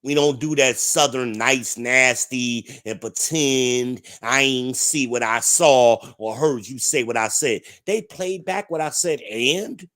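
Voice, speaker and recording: A New Jersey man hosting a livestream rants to his chat, blunt, profane, and combative. His medium-pitched, slightly bright voice moves slowly yet with barely any pauses.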